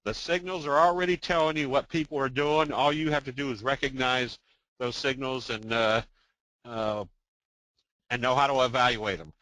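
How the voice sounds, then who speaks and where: Older man, trading presenter, folksy and chatty, bright forceful voice, dry close sound. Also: mid-range voice, steady tone, normal speed, dry recording, rough recording. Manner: folksy, tells jokes, many fillers. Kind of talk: webinar presentation.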